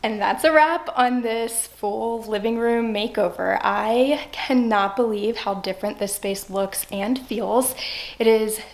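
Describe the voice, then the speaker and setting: A woman's voice: on the high side, a little slow, soft background music. A woman in her thirties talking through a home makeover in a chatty, enthusiastic vlog voice-over. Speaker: home decor vlogger.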